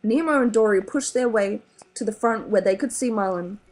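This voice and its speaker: A woman with an Australian accent reading a children's novel aloud in an animated, expressive way. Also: medium pitch, moderate pace, low-quality recording. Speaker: storybook reader.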